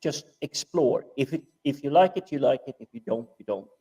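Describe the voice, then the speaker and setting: A man's voice: medium pitch, lively intonation, brisk, crowd noise. A man hosting a casual panel chat, easygoing, reading out viewer comments with hesitant fillers.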